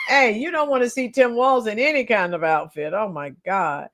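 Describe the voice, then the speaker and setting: A woman's voice: fairly high pitch, moderate pace, a bit bright. Chatty woman livestreamer. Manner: reads viewer comments aloud and chats with viewers. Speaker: livestream host. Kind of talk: casual livestream commentary.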